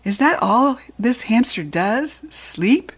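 A woman reading a storybook, voicing a strict, soft-spoken older woman teacher in a quiet, measured, stern way. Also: on the high side, expressive, breathy edge, heavily acted. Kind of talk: audiobook character voice.

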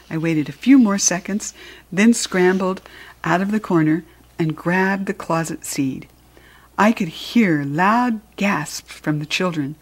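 A woman reading a children's chapter book aloud with playful, expressive narration. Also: on the low side, breathy edge. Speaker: reader.

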